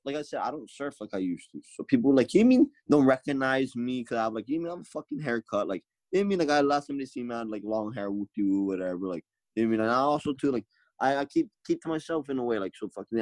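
A man's voice: mid-range voice, darkish tone, no echo, low-quality recording. A young man from Hawaii, a podcast guest in casual chat, rambling and swearing a lot. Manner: rambling, swears a lot, repeats "you know what I mean".

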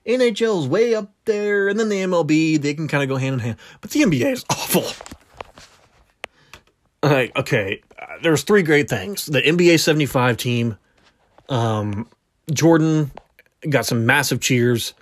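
A man's voice: on the high side, normal speed, dry recording. A man hosting a solo sports podcast, talking casually, bluntly and with opinions, drifting off on tangents and catching himself. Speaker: podcast host.

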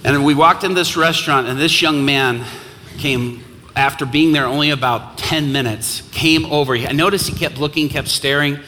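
Male guest preacher, bright and forceful, impassioned sermon storytelling, long hall reverb. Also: on the high side, normal speed, a little hiss or hum. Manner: impassioned, builds to loud exhortation.

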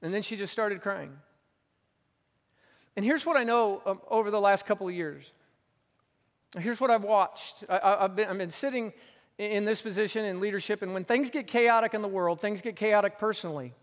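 A man's voice: sits high, normal speed, in a large hall. A man preaching a sermon as pastor on a church stage, telling a story earnestly and repeating phrases for emphasis.

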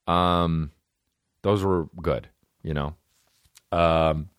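A man's voice: on the low side, animated, a little slow, no room sound, studio quality. A man hosting a podcast, ranting casually and profanely with rambling asides and mock rap lines. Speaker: podcast host. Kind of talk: casual comedic rant.

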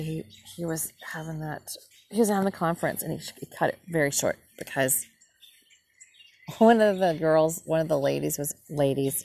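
A woman's voice: sits low, gravelly, darkish tone, slight background noise. A woman host giving a frank, indignant casual monologue, swearing freely. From Northern United States. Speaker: podcast host.

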